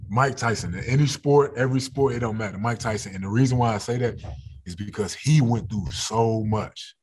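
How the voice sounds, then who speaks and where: A man's voice: mid-range voice, fairly quick, a little mellow, slightly rough. A young adult man, a football player, talking casually in an interview, laid-back and often laughing.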